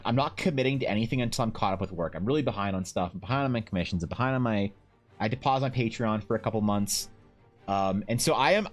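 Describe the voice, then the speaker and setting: Rambling young man streaming while painting. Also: mid-range voice. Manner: rambling, animated storytelling with many restarts. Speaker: Twitch streamer and artist. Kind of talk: casual live-stream chat while painting.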